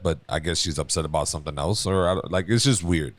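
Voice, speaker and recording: A very deep-voiced man on a podcast, recorded dry and close with no room sound. He tells stories in an animated way, acting out little bits of dialogue and swearing casually. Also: fast, no room sound. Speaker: podcast co-host.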